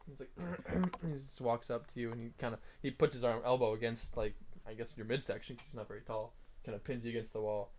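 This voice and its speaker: A man narrates a tabletop game as its game master, in a loose, casual way full of "like" and "kinda". His voice sits at a middle pitch, with faint noise behind it. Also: fairly even intonation, fast, hardly any pauses, darkish tone. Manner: casual, filler-heavy, laughs often.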